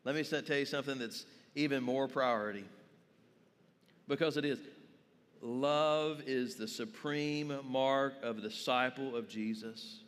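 Pastor guy giving a sermon in a church, slow and drawn out, long hall echo. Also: medium pitch, a bit bright. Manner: asks the congregation questions, tells stories. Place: church sanctuary.

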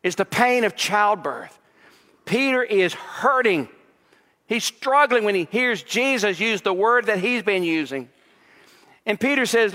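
Male pastor, fairly high bright voice, preaching in a reverberant church hall, storytelling sermon. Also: expressive, normal speed. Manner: expository preaching with personal stories, voice rising when emphatic.

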